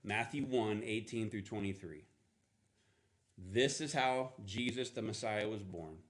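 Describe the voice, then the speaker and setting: A man preaching a sermon in a casual, animated storytelling manner, acting out playful voices. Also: lowish voice, measured pace, a little hiss or hum. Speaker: pastor.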